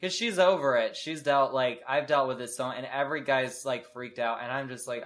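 A man's voice: mid-range voice, normal speed, hardly any pauses, fairly bright tone. A man talks casually on a podcast in a loose, laid-back way. His sentences drift along on fillers like "like" and "you know". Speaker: podcast co-host. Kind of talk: casual chat.

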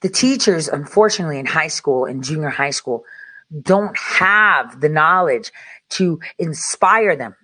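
A woman's voice: deep voice, lively intonation, unhurried, bright, forceful tone, husky, no room sound. Blunt, profane woman ranting to viewers. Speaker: parent speaking to viewers. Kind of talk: casual monologue to viewers.

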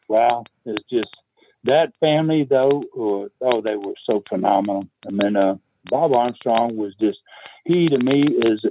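This older man, a longtime wrestling promoter being interviewed by phone, tells meandering stories from his wrestling days, peppered with fillers and laughs. His pitch is medium. The tinny line has slight background noise.

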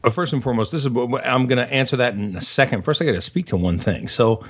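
Male podcast guest, rambling and self-deprecating, mid-pitched, muffled lo-fi sound. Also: fast talker, breathy edge. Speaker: guest analyst. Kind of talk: casual podcast chat. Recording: dull lo-fi audio.

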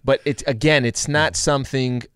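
A male sports radio host in casual studio banter, chatty and quick to laugh, often trailing off and restarting. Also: medium pitch, steady tone, a bit bright, clear, resonant tone, no room sound.

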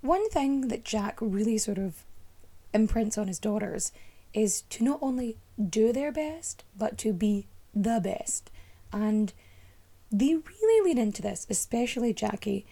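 A young woman runs a history podcast, telling the story in a casual, playful way. Her voice sits a little high, with a warm, mellow tone. She keeps it chatty, full of jokes and asides. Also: animated, measured pace.

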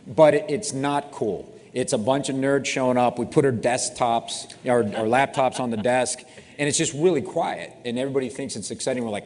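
A middle-aged man who founded a cybersecurity company answers interview questions in a relaxed, explanatory way with dry self-deprecating humor. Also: mid-range voice, normal speed, big-room sound.

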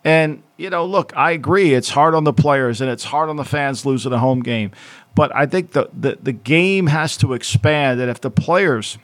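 A man's voice: medium pitch, moderate pace. A man co-hosting a sports podcast as a former football executive, talking casually in a rambling way with frequent restarts. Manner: rambling, repetitive, with many restarts.

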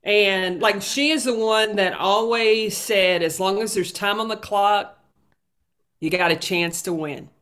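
Slow-spoken woman telling stories. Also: mid-range voice, a bit bright. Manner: slow, unhurried storytelling. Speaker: guest, basketball coach and commentator. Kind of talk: casual interview chat.

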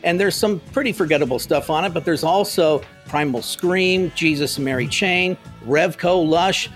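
A man hosts a casual music podcast. His voice sits a little high for a man, and he tells long relaxed stories from memory. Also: normal speed. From Phoenix area, United States. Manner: relaxed storytelling, reminiscing. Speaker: podcast host.

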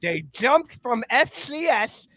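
A man doing an impression of a rambling elderly male college football coach, halting and emphatic. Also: extremely high pitch, very animated, sharp tone, no echo, voice pushed up, heavily acted. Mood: mock-indignant.

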